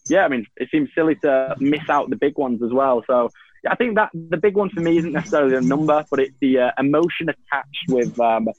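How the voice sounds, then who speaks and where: A man's voice: mid-range voice, brisk. Man, Manchester accent, rambling casual storyteller, muffled lo-fi sound. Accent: Mancunian English. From Manchester, England. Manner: laid-back, rambling, lots of ums and repeated restarts. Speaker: guest, YouTuber.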